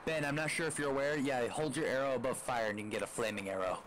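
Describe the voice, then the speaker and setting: A man's voice: mid-range voice, steady tone, fast talker, fairly bright tone, rough recording. A man chatting with a friend during an online match and playing along as a loyal knight. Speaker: teammate. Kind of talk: casual gameplay chat.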